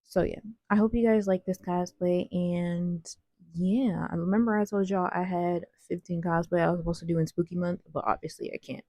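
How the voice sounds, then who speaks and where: A woman's voice: fairly low pitch, steady tone, normal speed, warm tone, no room sound. A woman cosplay vlogger rambling in casual, slangy voice-over about her makeup. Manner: rambling, slangy, self-deprecating.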